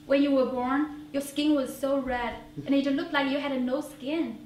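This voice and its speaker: A tender, apologetic mother, as a woman voices her, gentle and heartfelt with a high pitch. The sound rings through a roomy theater from a far-off mic with faint hiss. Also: fairly even intonation, normal speed, lightly acted. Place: small theater stage.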